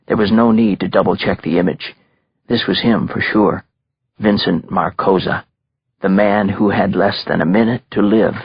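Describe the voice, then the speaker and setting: A man narrating a thriller audiobook in a measured, grim storytelling manner. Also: lowish voice, steady tone, vocal fry, breathy edge, no room sound, dull audio.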